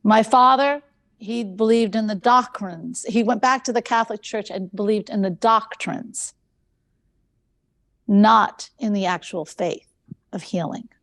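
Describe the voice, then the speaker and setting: A woman hosting a conference talk, telling stories in an animated way and repeating phrases for emphasis. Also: mid-range voice, a little slow, vocal fry. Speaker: conference host.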